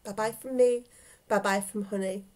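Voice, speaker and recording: A woman, a teacher, reading a storybook aloud to children in an expressive way and talking to her young listeners. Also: mid-range voice, moderate pace, poor audio.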